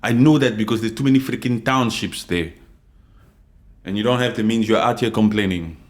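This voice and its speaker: A man from Congo hosting an unscripted opinion podcast, talking forcefully and confrontationally, swinging between loud outbursts and quiet asides. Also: fairly low pitch, a little fast. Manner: reads and answers live comments. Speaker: podcast host.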